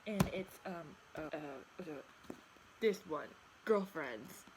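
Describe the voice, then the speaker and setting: A young woman chatting casually to camera as a vlogger, giggly, bubbly and quick to poke fun at herself. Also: on the low side, animated, darkish tone, a little hiss or hum, low-quality recording. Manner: giggly, bubbly and self-mocking.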